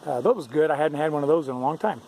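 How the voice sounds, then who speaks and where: High-voiced man vlogging on a trail. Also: racing, darkish tone, poor audio. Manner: chatty, easygoing, with frequent fillers and chuckles. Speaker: thru-hiker vlogger. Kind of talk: casual vlog narration to camera. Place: outdoors on a mountain trail by a stream. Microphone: handheld camera mic. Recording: faint outdoor background noise.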